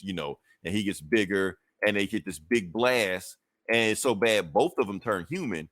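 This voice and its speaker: A man's voice: sits low, normal speed, fairly bright tone, dry recording, clean studio sound. A man hosting a podcast, casually recapping a comic book in a loose, rambling way with swearing and self-corrections. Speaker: podcast host.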